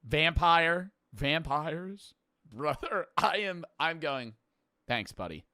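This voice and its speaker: A man's voice: on the high side, slow, sharp tone, no echo, studio quality. A young man streaming, reacting with brash, profane, jokey commentary. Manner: brash, swears freely, jokey.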